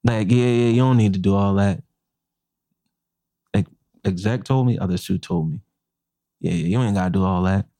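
A man's voice: on the low side, moderate pace, long pauses, no echo. A man, a chef and podcast co-host, telling a profane workplace story in casual talk and acting out the quotes. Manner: animated, profane, acts out quotes.

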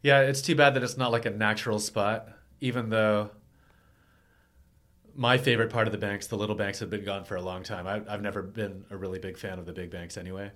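A man's voice: lowish voice, steady tone, a little fast, fairly bright tone. A man, a skateboarder being interviewed, telling loose, rambling stories in casual chat with lots of filler words. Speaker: skateboarder guest.

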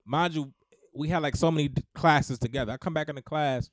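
A young man, telling a story to friends in casual chat, animated and repeating himself to hold the floor. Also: on the high side, brisk, no echo, clean studio sound. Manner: animated, repeats "so listen", acts out quotes.

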